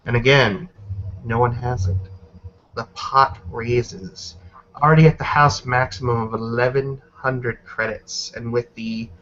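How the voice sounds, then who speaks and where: A man running a tabletop game as game master, describing the scene in a measured way. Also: medium pitch, steady tone, fairly bright tone. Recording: dull lo-fi recording.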